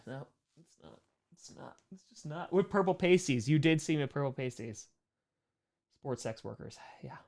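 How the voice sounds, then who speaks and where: A man's voice: high voice, pushed and bright. A man hosting a livestream, casually reading viewer messages aloud, joking and laughing often. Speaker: livestream host.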